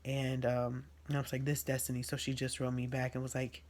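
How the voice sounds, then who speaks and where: Name: rambling diary vlogger. Sex: man. Style: venting vlog. Pitch range: flat. Nose: runny from allergies. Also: fairly quick. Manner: rambling, slangy, lots of fillers. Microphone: recording on a phone.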